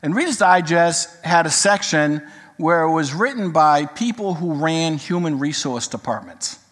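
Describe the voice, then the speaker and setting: Older man, pastor, sermon, slightly high voice, storytelling, long hall reverb. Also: unhurried. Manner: storytelling, jokes then teaching, animated quoting. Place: church sanctuary.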